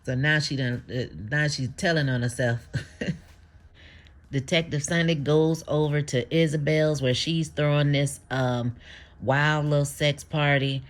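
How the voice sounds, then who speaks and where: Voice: medium pitch, steady tone, unhurried. A speaker casually recapping a TV episode, retelling scenes by quoting the characters, chuckling often and adding blunt opinions. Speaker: TV show recapper.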